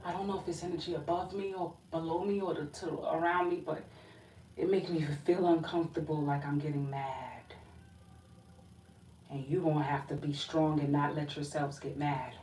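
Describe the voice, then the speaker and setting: A woman's voice: sits low, steady tone, moderate pace, a little mellow. A woman giving a casual tarot reading, uneasy and feeling weak, often breaking off and restarting. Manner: emotional, uneasy, talks to spirit and viewers, restarts often. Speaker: tarot reader. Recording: roomy echo from a distance with background noise.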